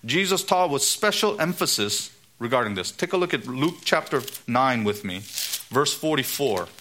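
A middle-aged man preaching a sermon, getting emphatic and rising in pitch on key points. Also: expressive, moderate pace, fairly bright tone. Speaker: pastor.

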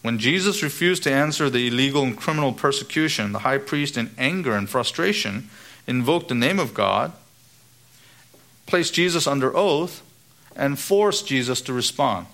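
A man preaching a sermon, emphatic, quoting the scriptures, rising for stress and dropping low on key words. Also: lively intonation, moderate pace, a bit bright. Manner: quotes the scriptures.

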